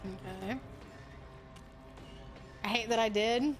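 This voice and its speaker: A woman streaming a horror game and joking with friends on a call, swearing freely and laughing loudly. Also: on the high side, takes it slowly, soft background music. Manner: profane, joking, loud laughs. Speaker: VTuber streamer. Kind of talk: casual gaming stream chat.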